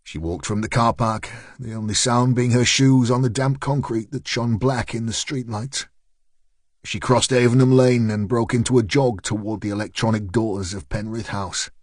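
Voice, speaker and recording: A man narrating a thriller audiobook in a measured, steady storytelling voice. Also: medium pitch, dry recording, clean studio sound. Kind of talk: scripted narration.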